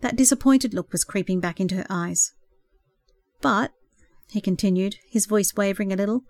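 A woman reading a novel aloud in a gentle, expressive storytelling voice, softly acting out the dialogue. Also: mid-range voice, moderate pace, no room sound. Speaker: audiobook narrator. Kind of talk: scripted narration.

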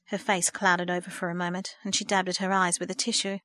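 A woman narrating a storybook in a steady, measured reading. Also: fairly low pitch, no room sound, clean studio sound.

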